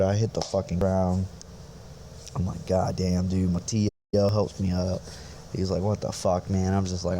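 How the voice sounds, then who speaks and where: A man's voice: deep voice, mellow, slight background noise. A young man on a podcast, telling a rambling, profane army story in a laid-back, casual way. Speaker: podcast host, infantry soldier.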